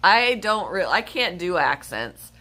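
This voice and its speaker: Slow, bright-voiced woman chatting casually. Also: on the low side, sing-song. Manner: rambling, chatty, self-correcting. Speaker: pet channel host. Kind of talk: casual livestream chat.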